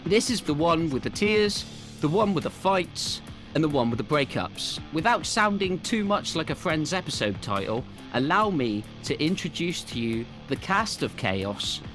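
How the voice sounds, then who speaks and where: A man's voice: fairly high pitch, sing-song, normal speed, music in the background. A man in his thirties hosting a podcast, introducing everyone with grand announcer flourishes and puns. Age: 30s. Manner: grandiose, pun-filled announcing. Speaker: podcast host.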